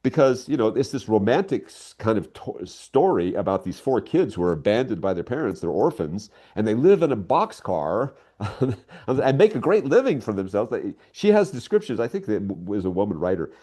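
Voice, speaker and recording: An older man appears as a guest writer in a casual interview, telling stories with enthusiasm and animation. He speaks in a lowish voice at a moderate pace.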